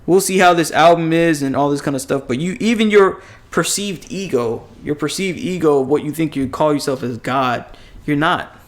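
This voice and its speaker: A man's voice: a little high, normal speed. A man co-hosting a casual podcast, giving blunt, rambling opinions with lots of swearing. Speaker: podcast co-host.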